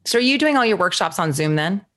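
A woman hosts a casual interview as a talent agent. Her voice sits a little low, and she asks friendly, open questions. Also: animated, quick pace, fairly bright tone.

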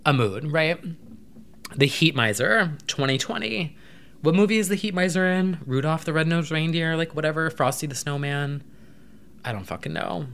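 A young adult man vlogging to camera, rambling in an animated, casual way with occasional swearing. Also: a little high, normal speed, vocal fry.

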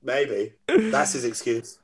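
Podcast guest: man, husky, lively anecdote teller. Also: medium pitch, slow. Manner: animated storyteller acting out quoted voices. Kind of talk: casual chat.

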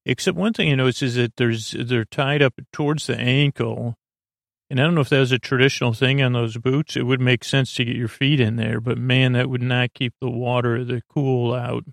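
A man's voice: medium pitch, fairly even intonation, normal speed, gravelly, no echo, studio quality. A man hosting a sleep-aid podcast, recapping an episode in a meandering, hesitant way as he thinks aloud. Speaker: podcast host.

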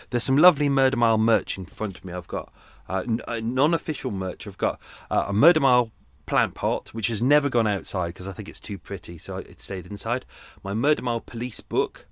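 Chatty podcast host, low and dry. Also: male voice, no echo. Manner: chatty, rambling, self-deprecating, with frequent restarts. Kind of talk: casual chat. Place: at home on a boat.

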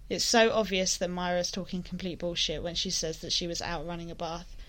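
A young woman co-hosting a true-crime podcast, chatting casually and reading passages aloud in a low, steady voice. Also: brisk. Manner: reads passages in a low, steady voice with frequent "like" in chat. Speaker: podcast co-host.

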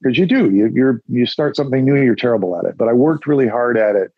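Heard through phone-quality sound with no echo, a man with a medium-pitched voice talks fast and animatedly. As an interview guest, this musician and former radio announcer rambles through casual stories, performing the voices of those he quotes.

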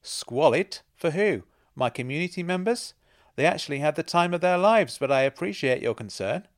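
A man's voice: fairly high pitch, animated, normal speed, voice pushed up. A man doing a teasing, knowing woman. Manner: teasing, knowing, laughs at others. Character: playful, self-assured, mocking woman.

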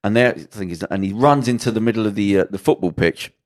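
A man's voice: fairly low pitch, fast talker, a little mellow. A man on a podcast, casually retelling a drama's plot and acting out the characters' lines, swearing freely. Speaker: podcast co-host.

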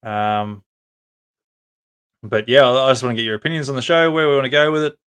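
A man with an Australian accent hosts a casual live-stream chat and talks to his viewers as he goes. His voice is smooth and clean, and he stays in a narrow, even pitch range. He rambles along with plenty of ums and false starts. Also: fairly quick. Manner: rambling, many ums and restarts. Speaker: podcast host.

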